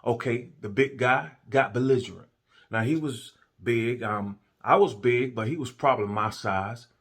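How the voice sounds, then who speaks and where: Middle-aged guy, ex-cop, casual slangy storytelling, mid-pitched voice. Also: normal speed. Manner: colloquial, animated retelling. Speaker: former police officer telling a story.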